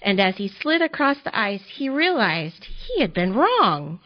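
A woman reading a children's picture book aloud for a library storytime, gentle, expressive and unhurried. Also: medium pitch. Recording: slightly dull audio.

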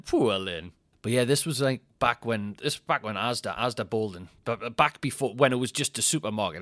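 A man's voice: lowish voice, fairly bright tone, dry recording, clean studio sound. A man, telling rambling, self-mocking stories on his podcast and laughing at his own jokes. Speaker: comedian and podcast host. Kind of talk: casual anecdotal chat.

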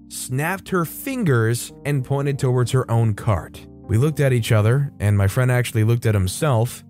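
A man's voice: mid-range voice, a little mellow. A man reading online stories aloud as a show host, telling them playfully and expressively with sudden lifts in his voice. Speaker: story narrator and show host.

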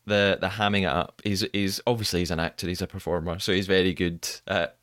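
A man's voice: low voice, little pitch movement, brisk, fairly bright tone, no echo, clean studio sound. A man hosting a podcast, chatting casually, asking his guest questions and laughing easily. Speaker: podcast host. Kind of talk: casual chat.

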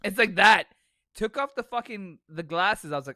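A man's voice: high-pitched, moderate pace, no room sound. A man co-hosting a podcast in casual chat, laughing often and swearing heavily as he tells stories. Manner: laughing often, heavy swearing, animated storytelling. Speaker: podcast co-host.

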